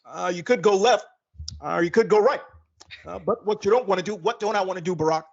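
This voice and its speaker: Brief: male comic playing a soothing statesman, slow and full of pauses. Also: high-pitched, vocal fry, dull audio. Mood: calm. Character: calm measured male politician.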